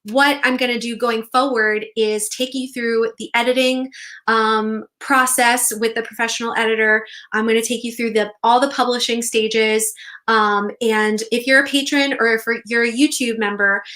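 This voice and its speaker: A young woman hosting a casual livestream, bubbly and excitable, reading out viewer comments and squealing with delight. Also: on the high side, moderate pace. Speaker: author and livestream host.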